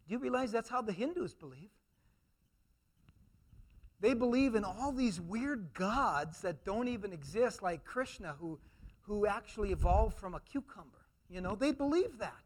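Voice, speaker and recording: A high-voiced man delivers a sermon with forceful emphasis. He swings between loud declarations and hushed, confiding asides, and mimics other people in mocking quoted voices. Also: animated, normal speed. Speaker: preacher.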